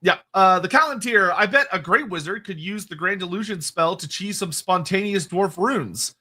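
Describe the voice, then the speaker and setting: A man co-hosting a casual livestream, reading chat questions and answering quickly, with restarts and laughs. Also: sits high, bright, forceful tone. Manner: quick, digressive, laughing, self-correcting.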